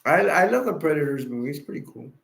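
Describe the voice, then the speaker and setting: A man's voice: on the high side, sing-song, fast talker, vocal fry. A man hosting a casual livestream chat, rambling and playful and laughing easily as he reads viewer comments. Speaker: livestream host. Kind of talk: casual live stream chat.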